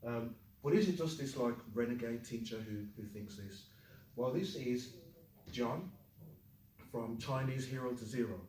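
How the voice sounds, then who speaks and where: A man teaching a classroom lesson, lively, quizzing the class and joking. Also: medium pitch, measured pace, reverberant, far from the mic, slight background noise, low-quality recording. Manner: lively, asks the class questions, jokes. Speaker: Chinese teacher.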